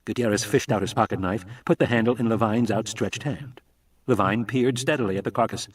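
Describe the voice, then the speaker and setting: Male live audiobook reader: husky, mid pitch, distant mic. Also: brisk.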